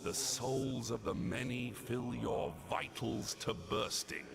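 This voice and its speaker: An actor playing a sinister, ancient demon villain in a game, gloating and sneering. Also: male voice, medium pitch, little pitch movement, crowd noise. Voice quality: gravelly, creaky. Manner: slow, theatrical, sneering.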